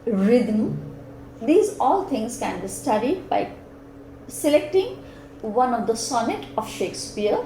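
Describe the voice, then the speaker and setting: A woman lecturer with an Indian English accent, explaining poetry slowly and deliberately, pausing often with "uh". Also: on the high side, big pitch swings, mellow, slight background noise. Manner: slow, deliberate explaining with frequent "uh" pauses. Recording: echoey room with faint ambience.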